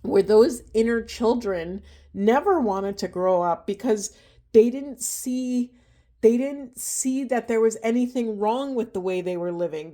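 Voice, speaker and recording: Earnest woman with a mellow, fading voice. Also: medium pitch. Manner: gentle, earnest, emotional, rhetorical questions. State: losing her voice. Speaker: tarot and oracle reader. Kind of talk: spiritual card reading monologue.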